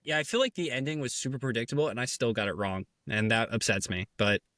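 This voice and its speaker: A man's voice: mid-range voice, fast talker, a bit bright, no room sound, clean studio sound. A man talking as a podcast guest in casual banter, hesitant, often trailing off and laughing easily.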